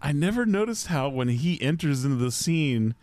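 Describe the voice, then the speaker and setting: A man's voice: on the high side, expressive, moderate pace, a little mellow, no room sound. A man co-hosting a casual movie commentary, dropping dry wisecracks. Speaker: podcast co-host.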